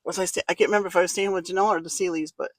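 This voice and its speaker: Lively woman telling a personal story. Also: fairly low pitch, rapid-fire, a crowd in the background. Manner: lively, acts out dialogue, laughs often.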